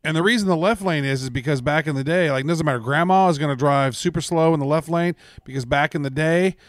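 A man co-hosts a podcast in relaxed, rambling conversation, with loose phrasing and a bit of swearing. His voice sits somewhat high for a man. The recording is dry and close. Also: fast, no room sound. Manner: rambling, loose talk with fillers and mild swearing. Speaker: podcast co-host. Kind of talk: casual chat.

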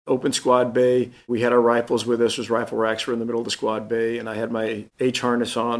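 A man in his fifties recounts his past as a guest in an interview. He talks casually and animatedly, and he slips into the voices of the people he quotes. His voice sits at an ordinary male pitch. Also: creaky. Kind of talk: casual storytelling.

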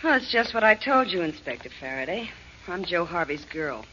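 Crisp and cool, a guarded young woman who gives nothing away. Her tone is bright and steady. It comes through a dull old radio recording. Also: lowish voice, normal speed, slight background noise. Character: cool, sharp-tongued young woman, a crook's girlfriend. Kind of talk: 1940s radio acting.

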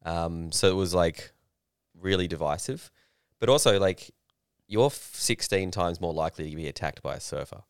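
A man's voice: sits low, animated, normal speed, smooth, no room sound, clean studio sound. A young man hosting a casual podcast chat, joking crudely with friends. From Australia. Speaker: podcast host.

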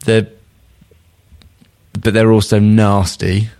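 A man with a fairly low voice chatting about football on a podcast. He jokes, swears freely and gets animated when he rants. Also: slow pace, clear, resonant tone. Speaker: podcast co-host. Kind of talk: casual football chat.

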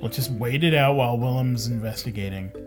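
A blunt woman at a tabletop game who bosses the others and tosses out jokes. Her voice is very low for a woman, with faint music underneath. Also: brisk, a little mellow. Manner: blunt, bossy, joking. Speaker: player. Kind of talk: casual tabletop role-play.

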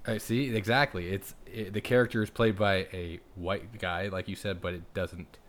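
Low-voiced man in casual podcast banter. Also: steady tone, normal speed, fairly bright tone, a little hiss or hum. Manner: questioning, jokey, rambling. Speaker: podcast co-host. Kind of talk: casual chat.

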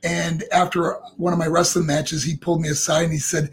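An older man, a former wrestler, telling stories in a relaxed chat, animated and laughing as he acts out other people's voices. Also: on the high side, fairly quick, vocal fry, few pauses, slight background noise. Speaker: guest, former pro wrestler. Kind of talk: casual storytelling.

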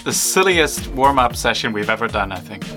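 A man's voice: medium pitch, expressive, moderate pace, loud music behind the voice. A man co-hosting a podcast in casual chat over a video call, laughing often and bantering. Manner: laughing, warm-hearted banter. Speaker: podcast co-host.

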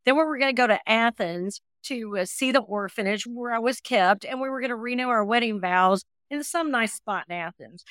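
Sixties woman guest on a podcast, earnest and animated, acts out the quotes, dry close mic. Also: on the high side, normal speed, few pauses, clean tone, dry recording. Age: 60s. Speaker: interview guest, adoptee. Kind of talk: emotional personal storytelling.

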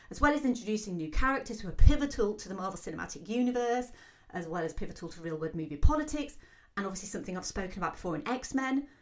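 A woman hosting a solo film commentary show, talking quickly and excitedly with frequent fillers. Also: medium pitch. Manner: fast, excitable talker with many fillers. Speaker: film podcast host.

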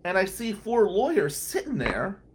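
A man's voice: high voice, wildly swooping pitch, unhurried, a little hiss or hum. A man hosting a podcast, a lawyer telling wry, incredulous stories from his working day. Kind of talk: storytelling monologue.

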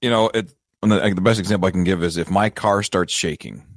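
A man hosting a financial advice show, telling a self-deprecating story in a lively, casual way. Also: low-pitched, fairly quick, dry recording, clean studio sound. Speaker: financial advisor and show host.

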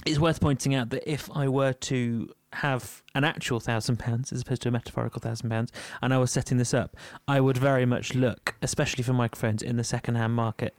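A man's voice: medium pitch, darkish tone, no echo. A man with a Yorkshire accent co-hosting a music podcast in casual chat, full of ums and little laughs. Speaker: podcast co-host.

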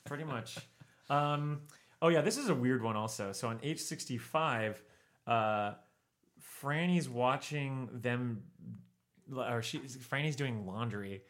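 A man in an easygoing podcast chat, reading passages from a book. He stumbles and restarts often, chuckling as he goes, with a voice of ordinary pitch. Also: a bit bright. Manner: halting, many fillers, chuckling while reading. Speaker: podcast host.

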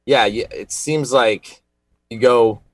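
Male radio co-host, mid-pitched, relaxed and chuckly, dry studio sound. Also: slow pace, dry recording. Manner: easygoing, laughs often, hesitant restarts. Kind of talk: casual radio talk show chat.

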